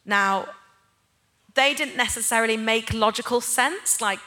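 A woman's voice: fairly high pitch, measured pace, bright, forceful tone. A woman giving a church sermon, speaking conversationally and personally, then building to impassioned, emphatic points. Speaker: church speaker, head of a neighbour-love ministry. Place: church gathering.

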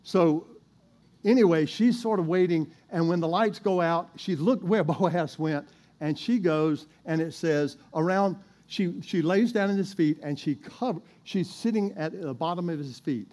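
A man's voice: a little high, a little slow, a little mellow. A male pastor preaching a sermon, telling a bible story in a folksy way with chuckles and asides to the congregation.

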